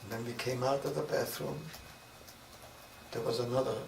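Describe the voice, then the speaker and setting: An older man with a Viennese accent telling his story in an oral history interview, with measured storytelling and vivid recalled dialogue. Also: medium pitch, steady tone, gravelly. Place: interview room. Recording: roomy, distant mic with noise.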